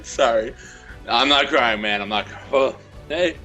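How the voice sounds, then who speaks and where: A man's voice: medium pitch, a little slow, bright, forceful tone, lo-fi sound, soft background music. A man taking part as a player in a tabletop game, speaking in a laid-back, joking way.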